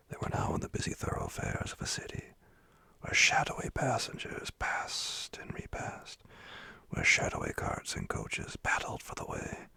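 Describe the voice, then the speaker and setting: A man reading a classic tale aloud as a slow, whispered bedtime story in a whispered role-play. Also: very deep voice, creaky, bright, forceful tone, breathy edge, no echo.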